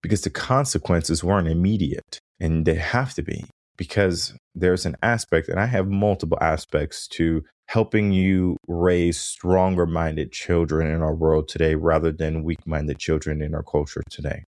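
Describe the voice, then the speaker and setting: A man with a very low voice lectures firmly, hammering each point and checking in with the listener as he goes. The recording is dry, close and free of room sound. He sounds middle-aged and is clearly the show's regular host. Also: steady tone, normal speed, darkish tone, dry recording. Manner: emphatic, punctuates with "right?", mimics objections. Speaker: podcast host, mindset coach. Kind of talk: monologue coaching talk.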